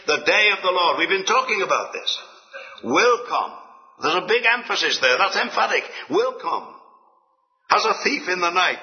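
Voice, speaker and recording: A man preaching a sermon in an earnest way, swinging between emphatic lines and hushed asides. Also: fairly high pitch. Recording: dull, long-reverb hall.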